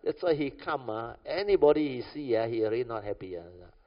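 A man's voice: mid-range voice, fast talker. A man with a Malaysian English accent giving an informal Buddhist talk, telling stories and often checking if listeners understand. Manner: conversational, keeps asking "understand or not?". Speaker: Buddhist dharma speaker. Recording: echoey hall, dull lo-fi sound.

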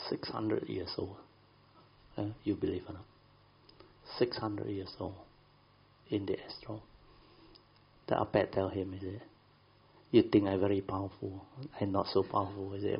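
Gravelly man. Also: lowish voice, dull audio. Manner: rambling, frequent fillers and laughs, colloquial grammar. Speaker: speaker telling a story to a group. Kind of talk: casual storytelling.

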